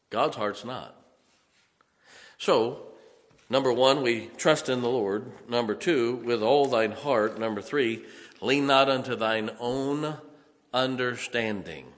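A man's voice: mid-range voice, a little slow, a bit bright. A male pastor preaching a sermon, telling folksy stories and laughing often between points. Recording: long hall reverb.

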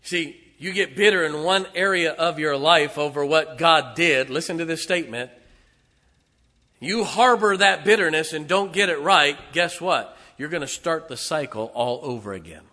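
Male preacher with a high, bright voice for an emphatic church sermon that swings between loud and hushed, recorded with long church reverb. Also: animated, moderate pace.

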